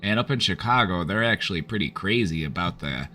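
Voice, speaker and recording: Low-voiced chatty man rambling. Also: expressive, fairly quick, pushed and bright. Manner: rambling, chatty, lots of fillers. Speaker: streamer offering support. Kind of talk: casual live-stream chat.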